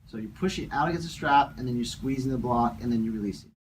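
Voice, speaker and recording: A man calmly talking through an exercise step by step as a fitness instructor, often repeating his words. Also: mid-range voice, fast, slight background noise, poor audio. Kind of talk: casual exercise demonstration.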